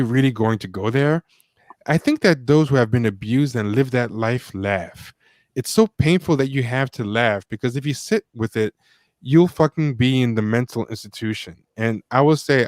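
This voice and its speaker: A man with a medium-pitched voice, recorded with no room sound, co-hosts a casual livestream discussion as a podcast co-host. He's animated, reads quotes aloud, and reacts with many fillers.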